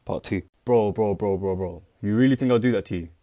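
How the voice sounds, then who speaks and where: A man's voice: on the low side, fast talker, dark tone. A man with a London accent doing a laid-back comedy skit with repetitive banter.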